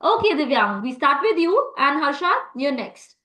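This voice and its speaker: A woman's voice: sits high, sing-song, moderate pace, bright, forceful tone, roomy sound, low-quality recording. A woman teaching a live online French class, encouraging students and praising them often. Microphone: video call.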